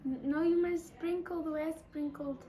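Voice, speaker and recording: A South African woman with a high-pitched voice co-hosts a playful couple's vlog. She protests and squeals in animated bursts, quick to object. A faint room hum lies beneath her voice. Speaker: co-host of a couple channel. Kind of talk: playful casual chat.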